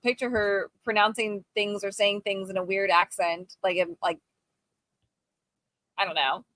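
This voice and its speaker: A woman co-hosting a casual podcast chat, thinking out loud and explaining her view at length, laughing easily. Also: mid-range voice, flat delivery, a little slow, dry recording. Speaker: co-host.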